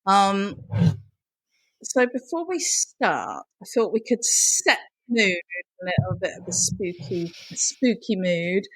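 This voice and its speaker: Brief: female podcast host, slow and low-pitched, dry close sound. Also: sing-song, no echo, poor audio. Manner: unhurried, with ums. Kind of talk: casual chat.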